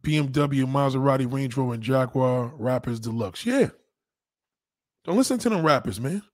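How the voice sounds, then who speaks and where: A man's voice: normal speed, no echo. Guy ranting on his live stream, mocking and cussing, voice swings way up and down, dry sound. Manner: mocking, profane, repeats himself for emphasis; animated, pitch jumps up when indignant. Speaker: livestreamer reading viewer comments. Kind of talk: heated live-stream rant.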